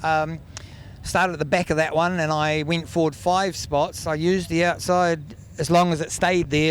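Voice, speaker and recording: Brief: relaxed New driver, quite high voice, a little track noise under it. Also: male voice. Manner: easygoing, rambling, laughs a lot. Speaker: racing driver. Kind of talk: trackside interview. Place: outdoor speedway pits.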